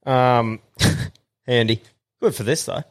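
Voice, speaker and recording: A man hosting a podcast in casual, crude chat, laid-back and quick to laugh. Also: medium pitch. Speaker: podcast host.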